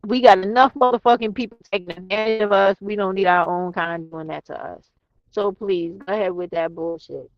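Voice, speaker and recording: A woman's voice: mid-range voice, steady tone, fairly quick, no echo. A woman hosting a live chat from her car, talking bluntly with lots of cursing. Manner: blunt, profane, emphatic. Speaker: livestream host. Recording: dry, dull sound.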